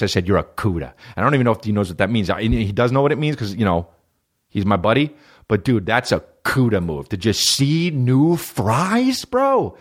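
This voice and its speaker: A man hosting a solo comedy podcast, telling a story with plenty of swearing. His pitch swings widely as he jumps between his own voice and the people he quotes. He sounds like a man in his thirties. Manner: animated storytelling, profane, acts out voices of others. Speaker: podcast host.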